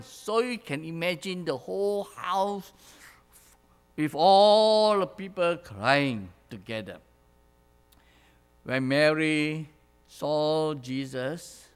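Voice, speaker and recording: A male preacher delivers a sermon at an unhurried pace with a lively, rising and falling pitch. He keeps asking the congregation questions, repeats key phrases and chuckles between points. A long reverb from the church hall trails every word. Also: smooth.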